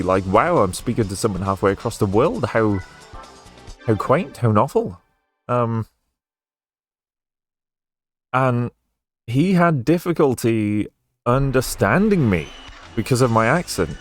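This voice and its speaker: A man with a softened Welsh accent, chatting casually and rambling while he streams a racing game. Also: mid-range voice. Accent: Welsh, Newport area, softened toward English. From Wales. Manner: rambling and chatty, with frequent fillers and restarts.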